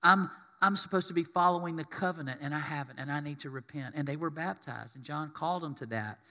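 Brief: male pastor, animated sermon, high bright voice, long hall reverb. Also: fast. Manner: animated, acts out quotes in voices.

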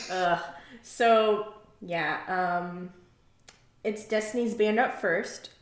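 Very slow and sing-song, this woman's mid-range voice echoes around the room. She's a podcast co-host chatting casually about a reality show, full of filler words and quick laughs.

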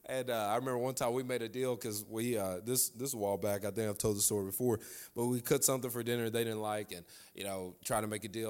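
A man's voice: medium pitch, quick pace. A preacher delivering a sermon who repeats lines for emphasis and chuckles his way through a family story.

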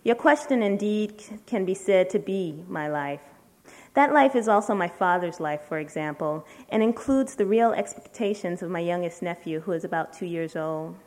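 Woman reading a letter aloud, measured. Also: on the low side, lively intonation, darkish tone. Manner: measured, deliberate reading with slow emphatic pauses. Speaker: writer reading at a literary event.

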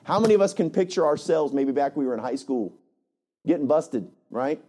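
A male pastor preaching a lively, conversational sermon, often checking in with "right?". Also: fairly high pitch, brisk. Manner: animated, conversational, frequent "right?".

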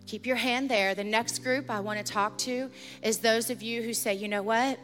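A middle-aged woman pastor telling a story in a sermon, earnest and urgent, turning quiet and intense as she leads a prayer. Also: fairly high pitch, fairly even intonation, moderate pace, soft background music.

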